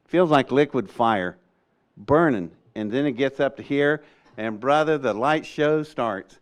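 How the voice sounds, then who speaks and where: A man's voice: mid-range voice, measured pace. Man telling a story. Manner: acts out voices in quotes, excitable, laughs often. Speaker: storyteller recounting an experience. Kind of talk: animated storytelling.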